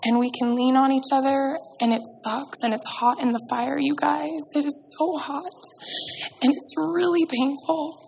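A woman's voice: sits high, level tone, a little slow, creaky, a little mellow, in a large hall, a little hiss or hum, poor audio. A woman giving a heartfelt, emphatic personal testimony as a guest in church.

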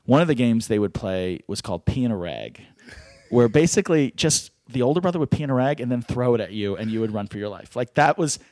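A man's voice: medium pitch, animated, fast, darkish tone, no echo. A middle-aged man and screenwriter, telling comic stories casually as a podcast guest and laughing through them.

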